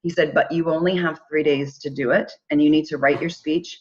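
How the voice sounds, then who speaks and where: Animated woman telling a story. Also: low-pitched, a little fast, highs cut off. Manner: animated, retells conversations in quoted voices. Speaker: podcast guest, charity founder. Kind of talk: casual storytelling.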